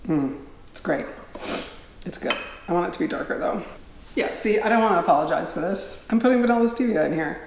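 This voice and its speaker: A woman's voice: lowish voice, expressive, fairly quick, creaky, noisy background. A middle-aged woman vlogging in a casual, rambling, self-deprecating chat to her viewers. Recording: roomy echo, faint ambience.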